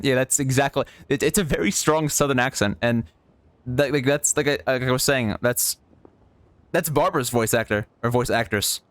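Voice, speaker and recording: A man's voice: medium pitch, moderate pace, no echo. A man streaming a video game, chatting casually in a rambling way with many fillers and restarts. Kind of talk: casual gameplay commentary.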